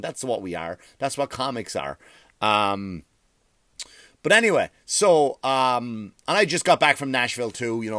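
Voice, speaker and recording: A man's voice: medium pitch, fairly bright tone, no room sound, clean studio sound. A man, a comedian hosting his own podcast, ranting in a rambling way, swearing freely and restarting his sentences. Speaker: stand-up comedian and podcast host. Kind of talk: profane comic rant.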